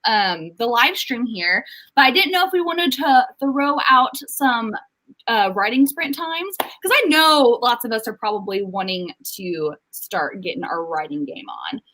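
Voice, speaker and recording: A bubbly woman hosts a casual livestream, greeting viewers with frequent giggles. Her voice sits high and swoops about, with a bright edge. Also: animated, unhurried, low-quality recording. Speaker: livestream host.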